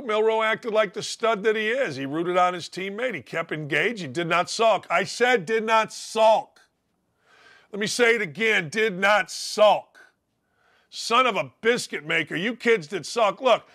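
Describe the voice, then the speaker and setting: Brash, bright-voiced male sports host. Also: sits high. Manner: brash, combative, mocking. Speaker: sports talk show host. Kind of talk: opinionated sports talk monologue.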